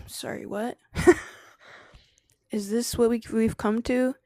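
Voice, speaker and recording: A woman's voice: a little high, flat delivery, slow, dark tone, dry recording, studio quality. A woman hosting a casual live stream, slangy and laughing often as she answers chat and drifts into spiritual preaching. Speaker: livestream host.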